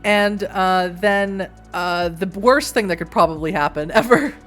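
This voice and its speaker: A woman's voice: mid-range voice, unhurried, soft background music. A woman vlogger rambling through a show recap in a giggly, self-deprecating way.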